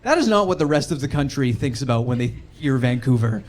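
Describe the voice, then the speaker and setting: Animated young man doing stand-up. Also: medium pitch. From Canada. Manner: animated, quick shifts into acted-out voices. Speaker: stand-up comedian. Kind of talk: stand-up set. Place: comedy club stage with a laughing crowd.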